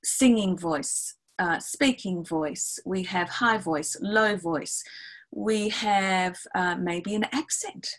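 In a webinar, a middle-aged woman who teaches music takes it slowly in a lowish voice as she explains classroom activities one step at a time and role-plays her exchanges with students. The audio is poor.

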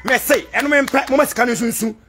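A Ghanaian man delivering a fiery vlog rant to supporters, switching between Twi and English and breaking into shouts. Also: very high-pitched, fast talker, soft background music. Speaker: political commentator addressing supporters abroad.

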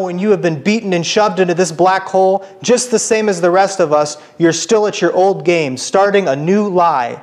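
A man reading aloud, voicing a surly, mistrustful male dwarf with a gruff, rude manner. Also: high-pitched, natural voice. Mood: scornful. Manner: read aloud from a book.

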